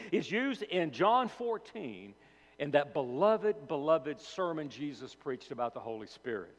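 Pastor preaching with dramatic swings. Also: male voice, long reverb tail, highs cut off. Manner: dramatic swings between loud emphasis and hushed low words. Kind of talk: sermon.

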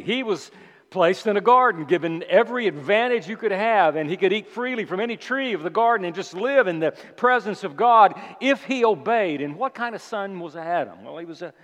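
A man's voice: high voice, fairly bright tone. A male pastor preaching a sermon with emphasis, posing rhetorical questions to his congregation in a church. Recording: long reverb of a large hall.

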